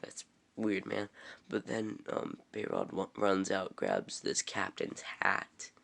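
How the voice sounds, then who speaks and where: A man's voice: low-pitched, sing-song, slow pace, gravelly, fairly bright tone. A young man casually recapping a TV episode, rambling and full of "um"s. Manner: rambling, filler-heavy, offhand. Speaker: TV episode reviewer.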